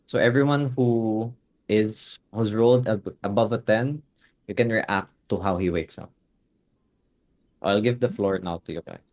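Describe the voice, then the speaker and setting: A man narrating as game master, relaxed and switching between languages. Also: lowish voice, unhurried, poor audio. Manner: relaxed, mixes English and Tagalog.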